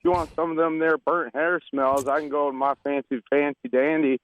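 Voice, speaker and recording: A man's voice: a little high, little pitch movement, normal speed, no echo, lo-fi sound. A man calling in to a radio show, talking in a folksy, rambling, jokey way. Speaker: caller. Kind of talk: phone-in chat.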